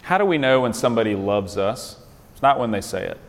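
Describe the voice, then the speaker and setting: A man's voice: on the low side, animated, brisk, big-room sound. A man leading an interactive Bible lesson in a conversational way, often quizzing his listeners with questions. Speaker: Bible study leader.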